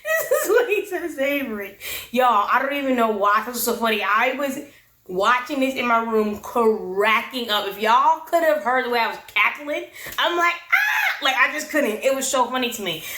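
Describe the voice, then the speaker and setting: A woman's voice: a little high, moderate pace, sharp tone. A woman giving a casual, sassy recap of a reality show, laughing often. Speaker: recap vlogger. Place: her room. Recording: echoey room.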